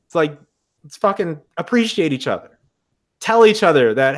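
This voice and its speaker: A man's voice: a little high, very animated, normal speed, long pauses. A young man talking casually in a podcast conversation, frank and emphatic, with frequent swearing. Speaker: podcast guest. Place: in the US Midwest.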